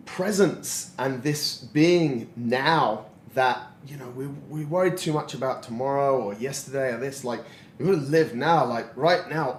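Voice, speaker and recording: A man's voice: a little high, a little hiss or hum. A man in his forties, a podcast guest, telling stories in a reflective way and laughing often. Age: 40s. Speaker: interview guest. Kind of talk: casual interview chat. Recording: roomy echo.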